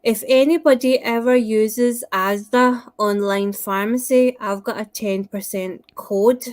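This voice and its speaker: A woman's voice: fairly high pitch, fairly even intonation, measured pace. A woman co-hosting a live stream, chatting plainly and a little hesitantly. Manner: plain, offhand, hesitant with ums. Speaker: podcast co-host. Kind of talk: casual chat on a live stream.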